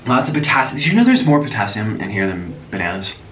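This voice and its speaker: A man vlogging as he eats, chatty and animated, breaking off with sudden gasps and exclamations. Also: on the low side, fast. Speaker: mukbang vlogger. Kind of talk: casual chat while eating. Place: echoey room at home. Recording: echoey room, voice from a distance, faint noise.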